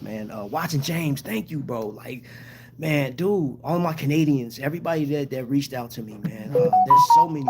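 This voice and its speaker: Grateful man talking haltingly to viewers. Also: mid-range voice, background noise. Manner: halting, with many restarts and fillers; heartfelt and grateful. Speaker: channel host. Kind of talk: casual livestream talk to viewers.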